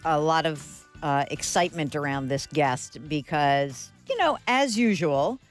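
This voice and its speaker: A woman's voice: low voice, animated, a little slow, faint music behind. A woman hosting a radio interview in a studio, chatty and enthusiastic, with frequent fillers. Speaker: radio show host. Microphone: studio microphone.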